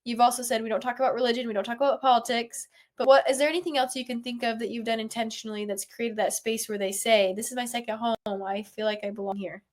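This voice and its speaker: A woman hosting an interview, asking gentle, attentive questions. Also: fairly high pitch, steady tone, fast, few pauses. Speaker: host. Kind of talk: interview conversation.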